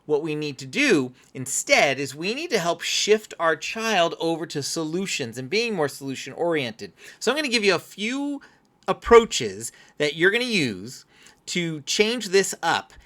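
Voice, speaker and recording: Lively, bright-voiced male parenting coach. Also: a little high, measured pace. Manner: earnest, explanatory, coaching tone. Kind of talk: instructional talk to camera.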